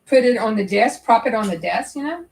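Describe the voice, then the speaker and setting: A woman's voice: on the high side, expressive, a little fast, slight background noise, low-quality recording. A woman hosting a crafting livestream, chatting nervously and rambling as she thinks aloud. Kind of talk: casual livestream chat while sewing.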